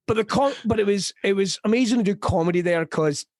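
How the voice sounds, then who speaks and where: A man with a West of Scotland accent, a comedian chatting as a podcast guest, telling lively stories and acting out the people in them. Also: high-pitched, fast talker, no room sound, studio quality. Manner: lively storyteller who acts out quoted voices and laughs often. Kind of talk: casual podcast chat.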